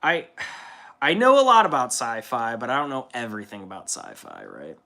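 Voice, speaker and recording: A man's voice: mid-range voice, wildly swooping pitch, a little fast, creaky, sharp tone. A man streaming casually while painting, rambling in a laid-back way and swearing freely.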